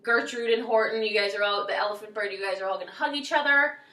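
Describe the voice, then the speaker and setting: A woman's voice: medium pitch, quick pace, pushed and bright, roomy sound, far from the mic, low-quality recording. A woman drama teacher directing young students through a show's choreography, now and then singing or acting out lines as examples. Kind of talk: choreography instruction.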